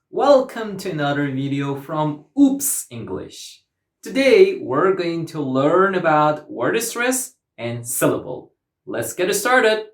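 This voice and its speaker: A man teaching English pronunciation in a scripted online lesson, explaining clearly and deliberately and modeling example words. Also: on the high side, echoey room.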